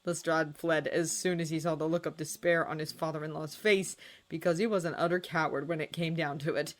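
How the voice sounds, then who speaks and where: A woman narrating fan fiction as an expressive, dramatic audiobook reading. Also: low voice, a little fast. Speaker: fanfiction reader.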